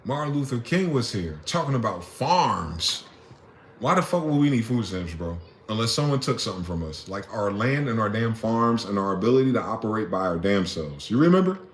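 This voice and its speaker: A fired-up man rants on his own, profane and full of rhetorical questions. His voice sits on the low side. It rings around a roomy space, with a faint hiss of noise behind it. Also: sing-song, fairly quick. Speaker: vlogger. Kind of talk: impassioned solo rant. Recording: echoey room.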